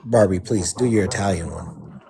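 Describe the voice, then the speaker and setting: A man's voice: deep voice, normal speed, vocal fry, crowd noise. A man joking around on a livestream panel in slangy casual talk. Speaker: panel guest. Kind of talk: casual chat.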